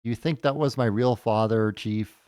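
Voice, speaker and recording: A man's voice: on the low side, moderate pace, darkish tone, smooth, no echo, studio quality, lightly acted. A man reading a game's lines aloud as an earnest young man taken in by a village chief. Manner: reads game dialogue aloud, mock-earnest.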